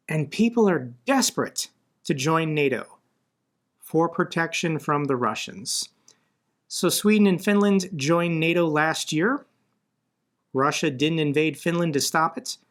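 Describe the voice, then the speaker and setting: American guy ranting about the news, kinda high voice, blunt and conversational. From United States. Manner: blunt, conversational, rising when indignant. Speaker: political commentator. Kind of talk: casual commentary video.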